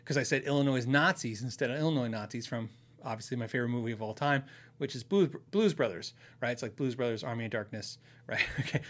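A chatty, rambling middle-aged man from Arizona, USA, speaks in a higher, sharp-toned voice. Hosting a guitar channel and podcast, he answers viewers casually, laughing often and restarting sentences.

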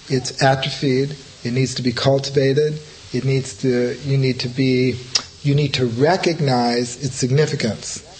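Middle-aged guy teaching buddhism, loose rambly dharma talk, lots of fillers, ordinary pitch. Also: darkish tone, a little hiss or hum, rough recording. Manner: rambling, conversational, full of "you know, like" fillers.

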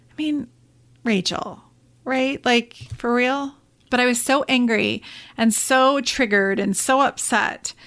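A woman in her thirties hosting a podcast, telling a personal story in an animated way and often turning to her listeners. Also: on the high side. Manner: animated storytelling, addresses listeners as "you guys". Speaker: podcast host.

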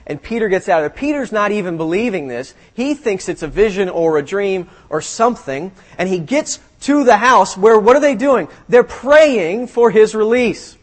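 High-voiced man preaching a sermon. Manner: reads scripture, then retells it animatedly, drops low for emphasis. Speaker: pastor.

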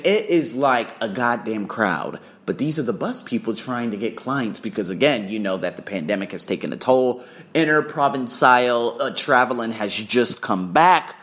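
A young man hosting a casual solo podcast, telling travel stories with lots of swearing and acted-out quotes. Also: mid-range voice. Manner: animated, profane storytelling with acted-out quotes. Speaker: podcast host.

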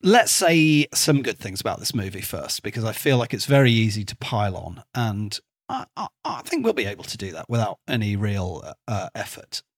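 A man's voice: on the low side, normal speed, hardly any pauses, breathy edge. A man hosting a podcast, chatting casually and jokingly about a film. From not Dutch, living in Amsterdam. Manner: wry, joking, with lively ups and downs. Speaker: podcast host. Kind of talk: casual film review chat.

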